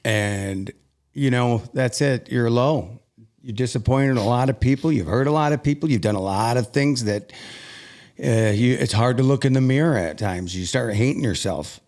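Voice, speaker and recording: A man's voice: mid-range voice, normal speed, a little mellow. A man, a podcast guest, telling a personal story in an earnest, emotional way, often restarting his sentences.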